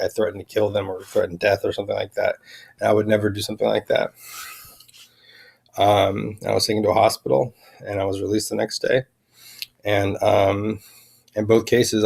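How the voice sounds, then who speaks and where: A man vlogging a rambling personal account, halting and full of fillers and restarts. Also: on the low side, gravelly, a little mellow, breathy edge.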